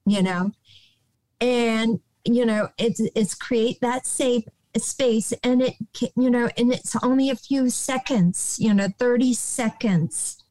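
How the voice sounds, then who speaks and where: Older american lady, slow soothing talk, a bit high, dry close sound. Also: no echo, poor audio. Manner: slow, gentle and soothing, many restarts and "you know". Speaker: guest, nonprofit director. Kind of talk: podcast interview, calm advice.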